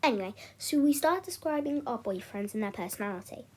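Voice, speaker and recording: A young woman with a slightly high voice tells a storytime in a loose, chatty way. She keeps restarting her sentences and falls back on "anyway, so" as she goes. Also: lively intonation, fairly quick, darkish tone. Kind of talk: casual storytime narration.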